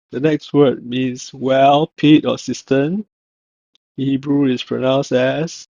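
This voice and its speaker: A man teaching a recorded language lesson, slow and deliberate, carefully repeating each word he pronounces. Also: medium pitch, gravelly, a little mellow, dry recording. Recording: dull, dry lo-fi audio.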